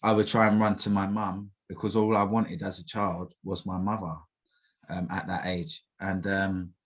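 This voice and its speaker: A young man recounts his past in an interview. His voice sits low and stays flat. He talks haltingly, full of fillers and restarts. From England. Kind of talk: personal testimony in an interview.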